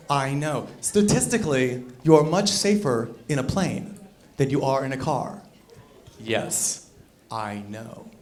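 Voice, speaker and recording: A young man with a high-pitched voice works a comedy club crowd through a stage mic. His delivery is animated, swinging between loud bursts and quiet, low mutters. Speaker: stand-up comedian. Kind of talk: stand-up comedy set.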